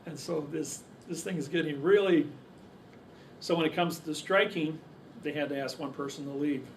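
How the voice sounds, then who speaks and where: A man's voice: a little high, moderate pace. A man telling rambling stories to a crowd, restarting his sentences over and over. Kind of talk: casual storytelling. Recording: distant mic, faint background noise.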